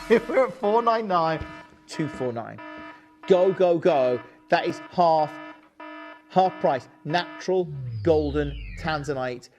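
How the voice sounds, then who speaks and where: Upbeat male shopping channel presenter. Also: on the high side. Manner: chatty and upbeat, urging viewers to buy. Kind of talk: live jewellery sales pitch. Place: television studio.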